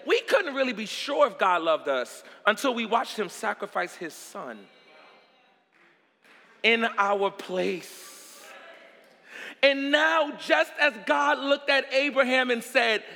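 A man preaching a sermon with drama, repeating phrases and swinging from hushed words to shouting. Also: very high-pitched, animated, slow, vocal fry, long reverb tail.

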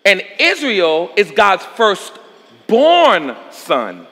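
A man's voice: high voice, wildly swooping pitch, extremely slow, bright, forceful tone, husky, big-room sound. A male pastor preaching a sermon, with emphatic delivery and call-and-response to the congregation.

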